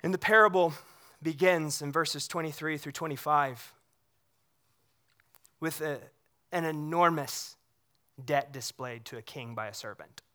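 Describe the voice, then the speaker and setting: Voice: mid-range voice, measured pace, long pauses, pushed and bright. A pastor preaching a sermon in a conversational way, often checking in with the congregation through rhetorical questions and animatedly retelling scripture scenes.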